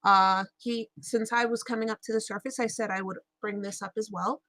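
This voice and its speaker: A woman's voice: mid-range voice, fairly even intonation, a little fast, a bit bright, no echo. A woman playing a tabletop role-playing game in character, talking with frequent hesitations and fillers. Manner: hesitant, many fillers and restarts. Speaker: player.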